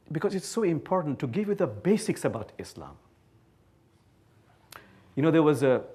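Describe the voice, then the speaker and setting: A man from Bangladesh, giving an animated, playful public lecture to a live audience. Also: on the high side. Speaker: guest speaker. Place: talk before a live audience.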